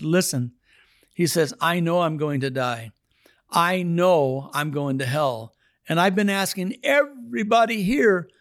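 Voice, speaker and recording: Man, prison Bible study leader, earnest testimony with repeated words, mid-pitched voice, dry close sound. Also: a bit bright, no echo. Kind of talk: spoken testimony.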